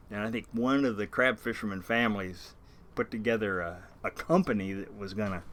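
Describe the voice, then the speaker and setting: Telling meandering tales in a relaxed interview, this older fishing boat captain swears without restraint and laughs through frequent restarts. His voice leans toward the low side.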